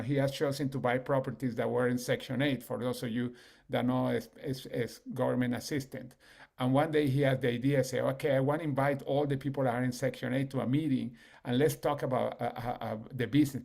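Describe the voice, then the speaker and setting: A man, a business leader telling stories on a call in an animated way. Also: creaky. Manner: animated, acts out quoted people with rising pitch.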